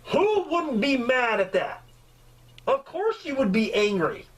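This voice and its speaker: A man reviews a movie in a loose, joking way, and he swears a lot. His pitch swings widely up and down as he drifts off into tangents. It sounds like off-the-cuff talk rather than anything scripted. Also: slow, poor audio. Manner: animated, swears freely, rambling asides. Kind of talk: casual comedic movie review.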